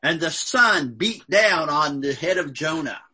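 Animated husky male preacher. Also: measured pace. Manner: animated, acts out quotes with big pitch jumps. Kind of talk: sermon with interpreter.

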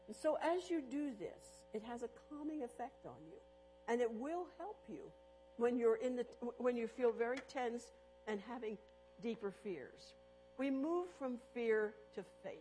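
A woman speaking at a church talk, slowly repeating verses and stressing words in turn, sharing her own experience earnestly. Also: a little high, expressive, mellow, faint music behind, rough recording. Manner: personal testimony, earnest. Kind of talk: devotional talk with slides.

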